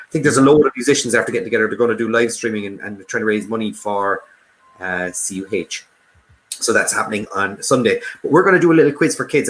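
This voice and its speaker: A man's voice: mid-range voice, a bit bright. An Irish man hosting a live quiz stream from home, joking and reading out viewers' comments. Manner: jokey, laughs often, reads out viewer comments. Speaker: quiz host. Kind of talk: casual live-stream chat.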